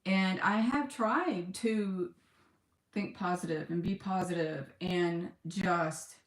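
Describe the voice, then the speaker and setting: A woman talking in a personal video diary, on the edge of tears, halting and emotional, with sighs and pauses. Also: mid-range voice, roomy sound. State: close to tears. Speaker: vlogger.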